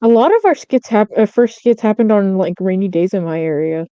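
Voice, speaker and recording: A woman chats on a podcast in a playful, teasing way. Her voice is mellow and soft-edged, recorded dry with slightly dull, lo-fi audio. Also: mid-range voice, expressive, brisk, smooth, dry recording. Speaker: podcast guest. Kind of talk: casual chat.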